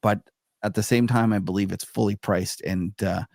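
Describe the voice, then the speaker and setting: A man's voice: on the low side, steady tone, normal speed, gravelly, a little mellow, no room sound, studio quality. A man co-hosting a podcast, talking markets in a loose, casual way with lots of fillers and easy laughs. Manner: loose, filler-heavy talk, laughs easily. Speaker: podcast co-host.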